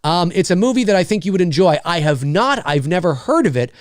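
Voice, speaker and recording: Sitting high and expressive, this man's voice moves at a quick pace in a dry recording. He hosts a casual home-studio livestream, reading viewer comments on a studio mic while rambling, joking and using lots of fillers.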